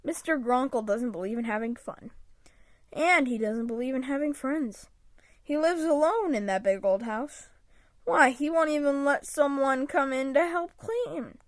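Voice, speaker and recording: A woman reading a children's picture book aloud in an expressive read-aloud manner, close to a home microphone. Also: sits high, measured pace, no echo. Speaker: storybook reader.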